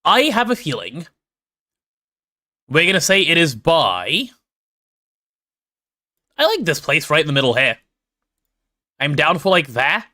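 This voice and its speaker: A young man with a posh London accent chats on a live stream, his voice bright and ringing. His pitch climbs and swoops as he reads chat aloud and plays up mock outrage. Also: a little slow, pauses often. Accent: London English. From England. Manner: chatty and animated, reads chat aloud, playful mock drama.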